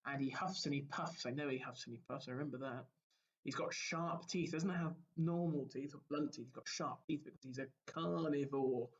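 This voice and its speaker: A man, a primary school teacher giving a recorded lesson, explaining gently and asking the children questions. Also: medium pitch, normal speed, muffled recording.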